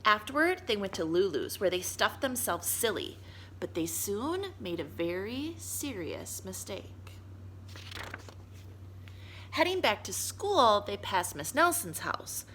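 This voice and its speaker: A woman reading a children's story aloud for young listeners. Her voice is bright and clear with lively, animated pitch. Her delivery is expressive and warm to the story. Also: slow pace, slight background noise. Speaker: children's book reader.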